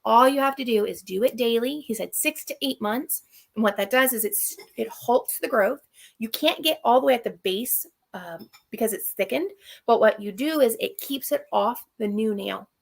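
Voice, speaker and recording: Gravelly, bright-toned woman hosting a live chat. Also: fairly high pitch, normal speed. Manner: chatty, practical, repeats points for emphasis. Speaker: channel host.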